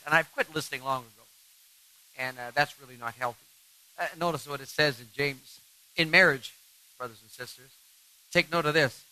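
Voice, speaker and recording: Man speaking on marriage, fairly high and very bright voice, animated, self-mocking. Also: a little fast, low-quality recording. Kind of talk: sermon-style talk on marriage.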